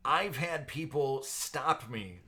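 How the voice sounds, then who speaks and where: A man's voice: mid-range voice, expressive, takes it slowly, noisy background. A man hosting a casual live stream, chatting with viewers by name and laughing often. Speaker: live stream host for card breaks. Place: at home.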